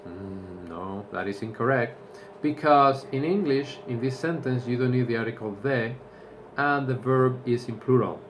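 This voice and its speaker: A man teaching English to Spanish speakers, explaining slowly and repeating each point in Spanish. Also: mid-range voice, slight background noise. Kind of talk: bilingual language lesson.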